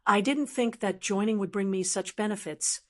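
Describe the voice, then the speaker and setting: A woman voicing a confident male martial sect elder in an audiobook, speaking in a measured, explanatory way. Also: medium pitch, natural voice.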